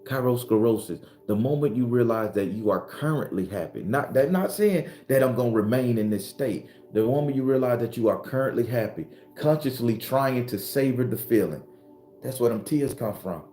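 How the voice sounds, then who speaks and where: A Southern-accented man, a spiritual teacher, addresses his followers in an earthy, preachy way, hammering home and repeating his points. His medium-pitched voice is expressive and warm, moving at a normal speed. The room is reverberant, with soft music in the background.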